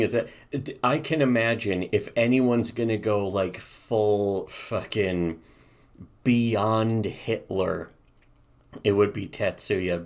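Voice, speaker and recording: A man with a slightly low voice co-hosts a casual podcast. He rambles and swears freely, with a dry, sarcastic edge. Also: vocal fry. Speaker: podcast co-host reviewing webcomics. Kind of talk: casual profane podcast chat.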